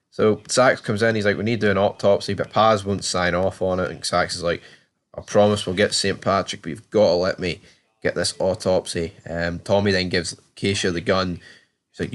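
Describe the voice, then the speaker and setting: A man giving a casual, chatty review and recap of a TV season, swearing freely and acting out characters' lines in quick asides. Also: lowish voice. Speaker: TV show reviewer.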